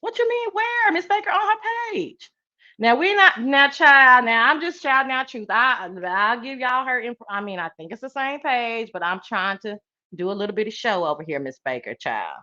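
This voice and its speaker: A sassy woman chats casually with her live-stream viewers in a playful, slang-heavy style. Her pitch swings widely as she talks. The sound is dull and lo-fi. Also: expressive, normal speed, bright, forceful tone. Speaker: live-stream show host.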